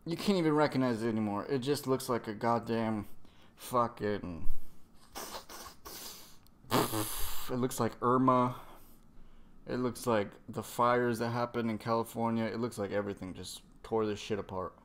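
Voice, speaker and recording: A man's voice: medium pitch, steady tone, unhurried, pauses often, a bit bright. A man casually recapping a comic chapter, rambling, cursing a lot and trailing off into fillers. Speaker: manga reviewer.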